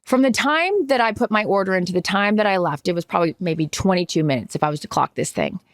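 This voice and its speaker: A woman's voice: mid-range voice, animated, fast, no room sound, studio quality. A woman co-hosting a podcast, telling stories in a blunt, impatient way and acting out what other people said. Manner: blunt, impatient storytelling with acted-out quotes. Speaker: podcast co-host. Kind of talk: casual chat.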